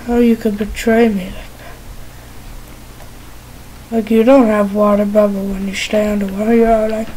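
A woman's voice: mid-range voice, flat delivery, normal speed, pauses often, warm tone, slight background noise, rough recording. A woman giving casual gameplay commentary, mumbling and playfully talking to herself as she plays. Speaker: gamer.

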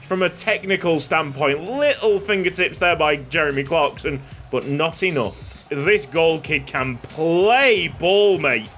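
A man giving excitable play-by-play commentary on his own football video game, shouting and laughing when goals go in. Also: fairly high pitch, measured pace, faint music behind. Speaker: gaming YouTuber.

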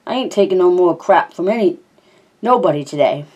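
A woman's voice: fairly low pitch, animated, a little fast, a little mellow, highs cut off. A woman reading a sneering teen bully. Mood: menacing. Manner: threatening, sneering. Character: teenage boy bully, menacing and crude.

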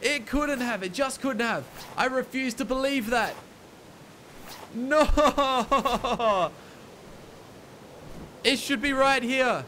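Bright high-voiced young man gaming. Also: takes it slowly, long pauses, a little hiss or hum. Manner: panicked, exasperated, repeats himself. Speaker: gaming YouTuber. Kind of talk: let's play commentary.

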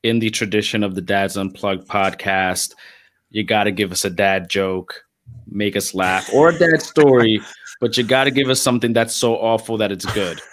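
A man's voice: lowish voice, moderate pace, a little hiss or hum. A man hosting a dads' podcast, chatting casually and asking playful questions. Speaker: podcast host.

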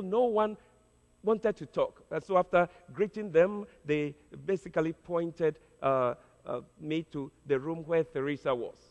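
High-pitched pastor guy telling a story in a big echoey hall, earnest, some uhs. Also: highs cut off. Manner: earnest, dramatic storytelling with hesitant fillers. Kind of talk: storytelling sermon. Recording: long hall reverb.

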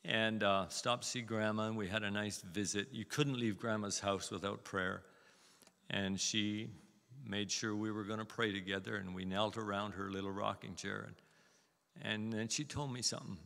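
A man's voice: on the low side, steady tone, normal speed, gravelly, sharp tone, long reverb tail. A man in his seventies, a guest preacher giving a chatty, folksy, anecdotal sermon in a church. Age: 70s. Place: church sanctuary.

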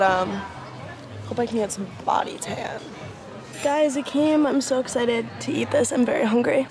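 Bubbly young woman vlogging. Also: fairly high pitch. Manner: bubbly, gushing, upbeat. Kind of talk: casual vlog to camera. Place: festival trip: hotel, pool, outdoors.

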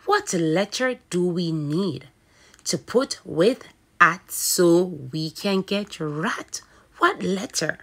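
A woman's voice: on the low side, expressive, slow pace, a bit bright. A woman with a Jamaican accent teaching a children's phonics lesson, sounding out letters and words in a sing-song way.

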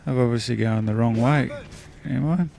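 Mumbling Australian man with a gravelly voice. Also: medium pitch, moderate pace, dark tone. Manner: mumbling, rambling asides. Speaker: let's play gamer. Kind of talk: casual gameplay commentary.

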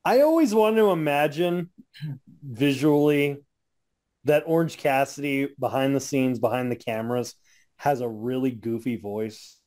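A man co-hosting a podcast, telling animated stories in casual chat and acting out other people's voices. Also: mid-range voice, a little slow. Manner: animated storyteller, acts out voices. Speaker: podcast co-host.

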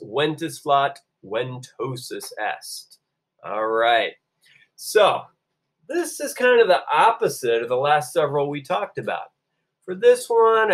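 A man teaching a Latin lesson to a class, asking everyone to repeat phrases and saying the Latin words slowly and clearly. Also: a little high. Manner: call-and-response, drawing out Latin phrases slowly. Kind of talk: classroom-style video lesson.

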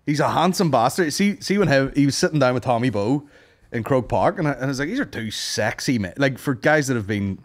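This young co-host of a comedy podcast has a Northern Irish accent, a medium pitch, lively intonation and a quick pace. Bantering casually, he tells long, wandering stories, swears a lot and mimics voices for quoted lines.

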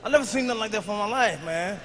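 A man performing a stand-up comedy routine on a big stage, telling profane stories with a swagger, jumping between shouts and low asides. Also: lively intonation, quick pace, big-room sound, a little hiss or hum. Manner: loud, swaggering, profane storytelling with sudden shouts and drops to a murmur. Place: large live venue on stage.

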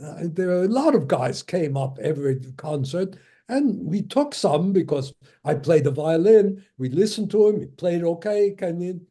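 A man in his nineties from Germany, giving a lecture as a string of anecdotes, halting with many fillers and restarts and chuckling as he tells them. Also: high voice, lively intonation, mellow. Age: 90s. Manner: chuckles while recounting stories.

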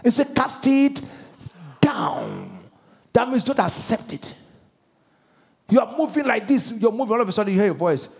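A middle-aged man with a Nigerian accent preaching a sermon. His voice sits high and swings widely as he throws question after question at the congregation. He acts out short scenes in other voices. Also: brisk, breathy edge. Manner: call-and-response questioning, animated, acts out voices. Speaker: pastor.

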